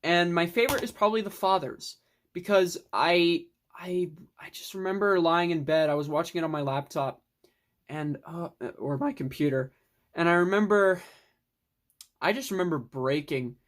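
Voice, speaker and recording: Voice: medium pitch, moderate pace. A person casually reviewing films in a video, rambling and restarting sentences, with the odd swear word. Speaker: film vlogger.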